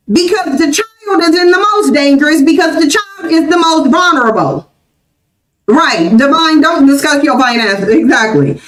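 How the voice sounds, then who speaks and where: An American woman in her forties hosts a livestream, offering commentary in a high, animated voice at normal speed. She talks emphatically and insistently repeats her points, and the low-quality recording sounds roomy.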